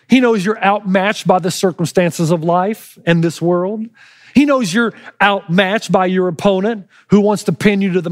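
A middle-aged pastor preaching a sermon, telling a story with animated delivery and loud shouted quotes. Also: male voice, sits high, dry recording, clean studio sound.

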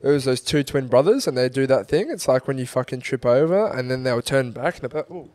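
A man co-hosting a podcast in lively, swearing banter. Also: medium pitch, fast, dry recording. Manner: animated, swearing, agreeing banter. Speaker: podcast co-host. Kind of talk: casual chat.

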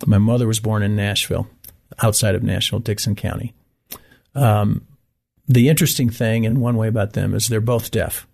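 A man's voice: fairly low pitch, normal speed, creaky. A middle-aged man from Michigan, a guest in a casual interview, telling stories and acting out the people he quotes. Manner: storytelling, animated when quoting others.

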